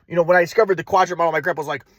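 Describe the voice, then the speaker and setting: A man's voice: on the high side, fairly even intonation, rapid-fire, no room sound. A man telling a personal story in a rambling, agitated, profane monologue. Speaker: vlogger.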